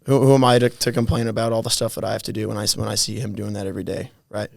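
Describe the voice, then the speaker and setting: A college athlete in his twenties, telling his story in a guest interview with many halting restarts and little chuckles. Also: on the low side, little pitch movement, vocal fry, no room sound. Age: 20s. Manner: halting, repeats words, chuckles while telling stories. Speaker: college football player, guest.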